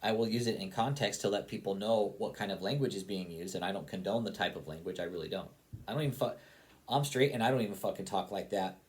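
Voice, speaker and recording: A man with a fairly low voice rants in a casual, heated way, full of swearing. He keeps hammering the same points over and over, as if talking straight to his audience. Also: fast. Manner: heated, profane, repetitive. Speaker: online commentator. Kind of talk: casual profane rant.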